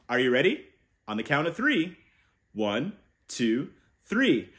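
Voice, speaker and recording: A man reads a children's picture book aloud in a crisp, bright voice that swings widely in pitch. He takes his time and stops often to have the kids chant lines back to him. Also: slow pace, long pauses. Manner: animated, leads kids in call-and-response chants. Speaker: children's storyteller.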